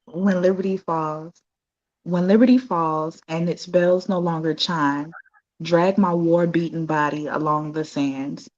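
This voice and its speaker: A woman reading her own poems aloud in a slow, solemn recitation. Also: low-pitched, steady tone, darkish tone, dull audio. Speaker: guest poet.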